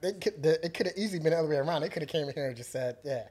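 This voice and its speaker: A man's voice: fairly high pitch, racing, a little mellow. A man co-hosting a podcast, sharing laid-back anecdotes in casual chat and laughing often.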